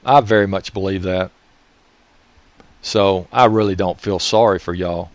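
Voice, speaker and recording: A man's voice: sits low, steady tone, normal speed, dry recording. A man with a Mississippi Southern accent, delivering an angry political monologue. He raises his voice, uses profanity and keeps scolding listeners with repeated questions. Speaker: political commentator.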